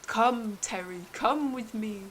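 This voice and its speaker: A woman voicing a sly male spirit creature with a man's head, a long neck and wings, speaking calmly, then in a hurry. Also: on the high side, slight background noise, rough recording. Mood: solemn. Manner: calm, then hurried and breathless.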